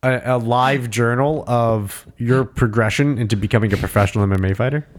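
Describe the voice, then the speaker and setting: A man's voice: mid-range voice, a little fast. Laughing, joking podcast co-host man. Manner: joking, laughs often, acts out a shouting cornerman. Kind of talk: casual podcast banter.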